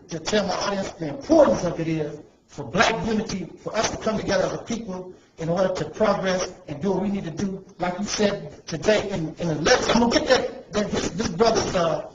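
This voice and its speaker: A man hosting a casual video interview, emotional and saying he is choked up and nervous. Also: high voice. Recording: echoey with loud background noise.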